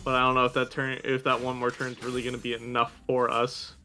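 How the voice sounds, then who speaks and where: A man's voice: medium pitch, completely flat delivery, fast, bright, forceful tone, a little hiss or hum. A man casting a live esports card game match, calling plays and hyping up the next game in a chatty way. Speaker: esports caster. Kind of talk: live play-by-play commentary.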